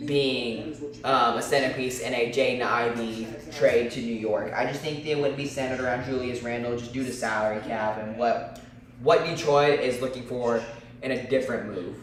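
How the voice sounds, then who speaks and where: A man hosting a casual live sports stream, talking through draft picks in a hesitant way, with lots of fillers and restarts. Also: medium pitch. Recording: echoey room, far from the mic.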